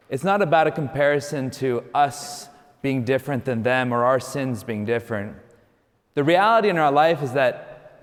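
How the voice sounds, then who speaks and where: A man, a Catholic priest, preaching a homily in a relaxed, storytelling way, often adding "you know". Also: medium pitch, in a large hall.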